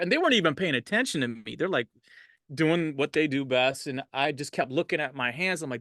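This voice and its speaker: A man's voice: a little high, animated, fairly quick, sharp tone, no room sound, studio quality. A middle-aged man, a DJ, telling stories in a casual interview, laid-back and laughing often, livening up when he quotes people. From Los Angeles. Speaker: DJ, interview guest.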